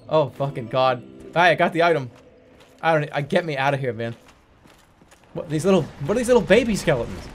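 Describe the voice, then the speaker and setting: Swearing, animated male gaming streamer. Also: fairly high pitch, a little hiss or hum. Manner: swearing, exasperated, with frequent laughter and yelling. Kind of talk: let's play commentary.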